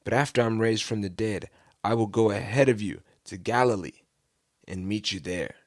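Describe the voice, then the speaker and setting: A solemn, grave teacher figure speaking to his followers, read out by a man in a lowish voice. The delivery is plain and measured, like a casual storybook reading, and the sound is close and dry. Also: no echo, close to an everyday voice.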